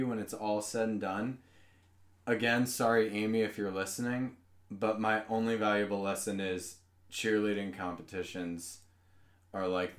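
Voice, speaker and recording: A man's voice: fairly low pitch, a bit bright, roomy sound. A man hosting a podcast in casual chat, ranting and mocking with plenty of swearing. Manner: profane, mocking rants. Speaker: podcast host. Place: podcast studio.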